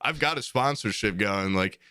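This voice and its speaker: A man's voice: lowish voice, expressive, normal speed, sharp tone, smooth, no room sound, studio quality. A young man, a podcast co-host, telling a rambling bar story with lots of "like" and acted-out quotes. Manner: rambling, heavy use of "like", acts out quoted voices. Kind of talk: casual storytelling chat.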